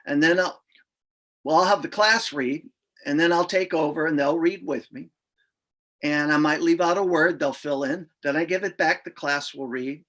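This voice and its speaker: A man's voice: fairly high pitch, moderate pace, fairly bright tone. A middle-aged man explaining reading lesson procedures in an informal way, sounding out letters aloud as he goes. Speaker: reading instructor. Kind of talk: instructional explanation.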